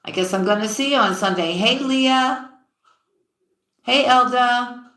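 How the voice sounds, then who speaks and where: A woman tarot reader chatting on a live stream in an unhurried, drawn-out way, with a bright, forceful tone. She greets viewers affectionately as sweetheart and sis and often trails off low and soft mid-thought. The sound is roomy and echoey. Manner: often drops low and quiet mid-sentence.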